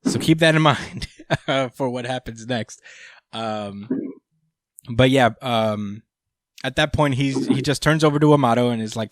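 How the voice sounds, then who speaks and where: A man's voice: medium pitch, unhurried, dry recording, studio quality. Laid-back man swearing through a recap. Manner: laid-back, swears freely, many fillers. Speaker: podcast host. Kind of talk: casual chat, recapping a manga chapter.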